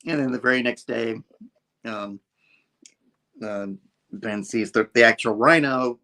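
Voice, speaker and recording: Man, comic review chat, conversational, acts out lines now and then, mid-pitched. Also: steady tone, a little slow, pushed and bright. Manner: retells scenes, voicing characters in bursts.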